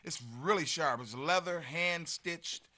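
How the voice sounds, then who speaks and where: Man in his 50s, bright voice, earnest storyteller, lots of uh and um, casual chat. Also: fairly high pitch, a little slow. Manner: earnest, storytelling, trails off into fillers. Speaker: community guest.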